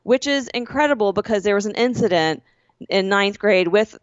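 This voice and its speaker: A woman's voice: mid-range voice, lively intonation, moderate pace, no room sound, highs cut off. A woman co-hosting a podcast, telling a rambling school story in casual chat and correcting herself as she goes. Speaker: podcast co-host.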